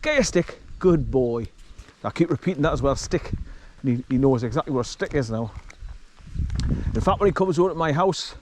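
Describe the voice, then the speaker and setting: A man's voice: medium pitch, fairly quick, a little mellow, a little hiss or hum. A man rambling chattily to the viewer as he walks a rural forest track outdoors. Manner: rambling, chatty, talks to the viewer while walking. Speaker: walker filming his hike. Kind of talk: casual walking narration.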